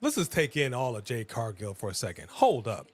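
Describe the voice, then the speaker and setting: A man's voice: mid-range voice, wildly swooping pitch, a little fast. A man co-hosting a live watch-along stream, talking casually and rambling with frequent restarts.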